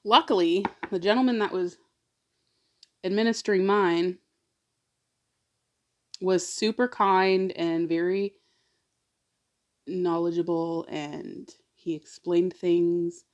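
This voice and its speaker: Lady telling a story on her eating vlog, kinda low voice, rambles, says like constantly, gets emotional. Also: steady tone, takes it slowly, long pauses, a little mellow, dull audio. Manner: rambling, fills talk with "like"; emotional, confiding. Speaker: mukbang vlogger. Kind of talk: casual chatty storytelling.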